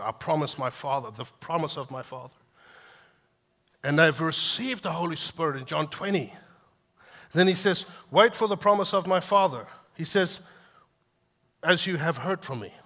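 Bright-voiced male preacher. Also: fairly high pitch. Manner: animated preaching with acted-out quotes. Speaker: pastor. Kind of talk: sermon.

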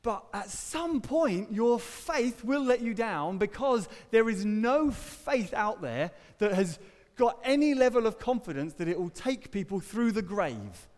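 Male preacher with a high voice, earnest sermon in a reverberant church. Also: big pitch swings, unhurried. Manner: earnest, varies pace for emphasis, dry humour. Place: church hall.

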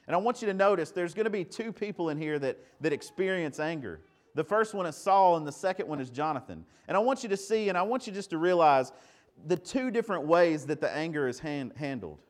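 A man's voice: on the high side, animated, a little fast. A man preaching a sermon in a conversational way, asking rhetorical questions and often repeating words. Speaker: pastor.

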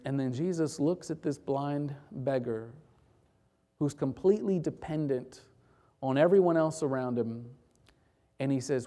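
A pastor preaching a sermon who swings between loud emphatic bursts and quiet, hushed passages. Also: medium pitch, lively intonation, a little slow.

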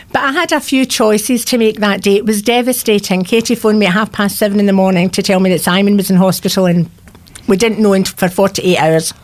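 A woman in her sixties, a radio guest telling a personal faith story in an earnest, heartfelt way, her voice sometimes cracking. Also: medium pitch. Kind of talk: radio interview, personal testimony.

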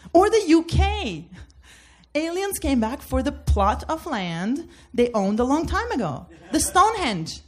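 A woman from Turkey doing a comedic debate bit, laughing through her jokes. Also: sits high.

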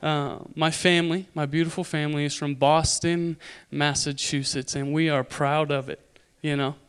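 A young man from Idaho preaching a sermon, telling a story with animated, loud impressions. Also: a little high, normal speed, clear, resonant tone.

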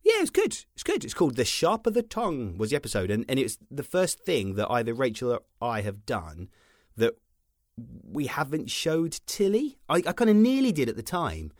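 A man's voice: medium pitch, huge pitch swings, moderate pace, dry recording, clean studio sound. A British man in his thirties co-hosting a casual podcast, chatting wryly and teasing his friend. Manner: wry, teasing, mock-pompous asides. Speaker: podcast co-host. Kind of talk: casual chat.

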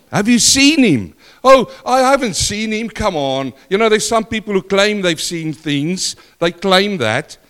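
An older man preaching a sermon in church, questioning the congregation and swinging between loud and soft. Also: on the high side. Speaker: pastor.

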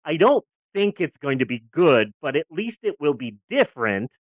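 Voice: sing-song, moderate pace, no echo. Snarky potty-mouthed podcast cohost, voice bouncing all over, dry close sound. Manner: sarcastic, profane, swings between loud outbursts and low grumbles. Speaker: podcast co-host. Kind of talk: casual movie-review chat.

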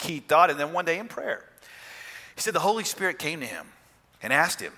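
A male pastor preaching a sermon, animated, with emphatic rises and soft drops. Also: on the high side, fairly quick, long reverb tail.

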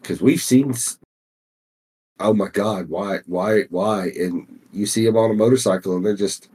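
A man co-hosting a casual podcast, talking in a relaxed, halting way with short reactions. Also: on the low side, breathy edge. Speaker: podcast co-host.

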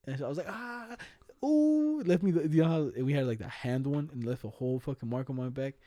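A man's voice: mid-range voice, racing, warm tone, dry recording, clean studio sound. A young man telling funny childhood stories in casual chat, full of slang and laughter, acting out the voices of people in them.

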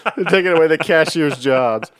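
A man's voice: fairly high pitch, brisk, fairly bright tone, clear, resonant tone, dry recording, studio quality. A man co-hosting a casual podcast chat, giggling and riffing on jokes with lots of fillers. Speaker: podcast co-host.

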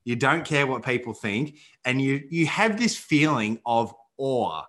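A man's voice: mid-range voice, animated, a little slow, fairly bright tone. A man hosting a podcast, speaking reflectively and thoughtfully with frequent fillers. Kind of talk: casual podcast chat.

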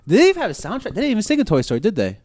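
A man from Minnesota co-hosting a casual podcast chat, talking fast and emphatically and swearing freely. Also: high voice, wildly swooping pitch, a little mellow, dry recording, studio quality. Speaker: co-host.

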